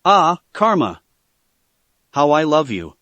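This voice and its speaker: A man's voice: fairly high pitch, sing-song, takes it slowly, sharp tone, no room sound, heavily acted. A man doing a smug amused teen boy. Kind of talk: fan fiction reading.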